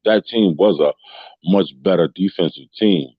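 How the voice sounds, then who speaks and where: A very deep-voiced man hosts a casual fan podcast, rambling on with restarts and constant check-ins with his listeners. The sound is dry and close, a little dull and lo-fi. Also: normal speed, slightly rough, no echo. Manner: rambling, loose and chatty, with many restarts and tag questions. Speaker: podcast host.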